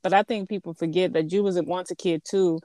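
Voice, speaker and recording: Blunt, low-voiced woman. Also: steady tone, fairly quick, dark tone, no room sound. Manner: blunt, emphatic, swears freely. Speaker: podcast co-host and mother. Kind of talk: casual chat.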